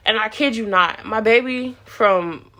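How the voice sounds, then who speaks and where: A woman's voice: on the high side, a little slow, bright, forceful tone. A young woman vlogger telling a personal story in a chatty, casual way, repeating words and acting out what people said.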